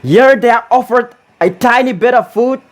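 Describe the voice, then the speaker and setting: A man's voice: very high voice, normal speed, faint music behind. A man hosting a reaction video, chatting casually, repeating himself and ending nearly every sentence with "man".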